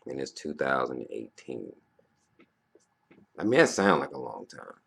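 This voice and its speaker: A man in his thirties giving a profane, rambling casual monologue as a vlogger, breaking into loud animated outbursts. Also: rumbling low, a little slow, creaky, husky. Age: 30s.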